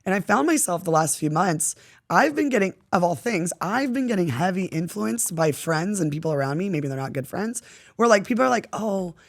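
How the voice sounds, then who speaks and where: A young woman in casual chat as a podcast guest, animated and slangy, swearing freely. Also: lowish voice, fairly quick.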